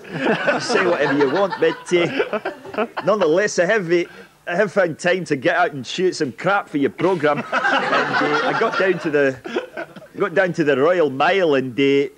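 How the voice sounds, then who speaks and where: A man's voice: a little high, lively intonation, fairly quick. A man in a put-on Scottish accent, giving a dry, mocking comic field report with many hesitations. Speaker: comedy reporter. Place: busy city street outdoors. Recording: loud street noise.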